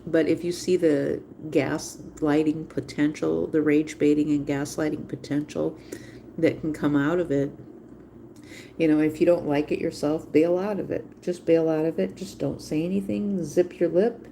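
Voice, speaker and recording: A woman's voice: low voice, steady tone, moderate pace, creaky, dark tone, a little hiss or hum. A woman hosting a livestream, talking casually in a rambling way and repeating phrases for emphasis. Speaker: livestream host.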